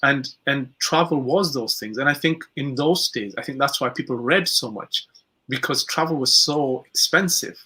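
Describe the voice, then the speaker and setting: A man's voice: mid-range voice, normal speed, sharp tone, slightly rough. A man co-hosting a podcast discussion, reflecting thoughtfully with hesitant fillers. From United Kingdom. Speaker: podcast co-host.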